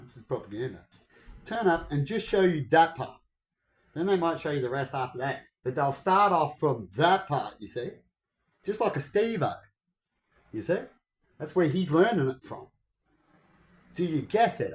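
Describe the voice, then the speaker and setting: A man's voice: a little high, poor audio. A young man ranting heatedly to his viewers in a casual vlog, swearing often. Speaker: vlogger.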